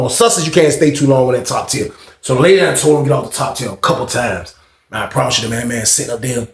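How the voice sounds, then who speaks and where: Gravelly man telling a slangy story. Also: medium pitch, roomy sound. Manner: slangy, drawn-out street talk with lots of fillers. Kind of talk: casual storytime.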